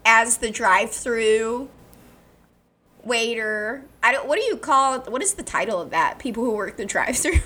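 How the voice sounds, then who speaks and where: Woman co-host from Alabama, a touch high-pitched, bright, joking storyteller. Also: animated, normal speed. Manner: playful, punning, self-mocking storyteller. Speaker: podcast co-host. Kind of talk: casual chat.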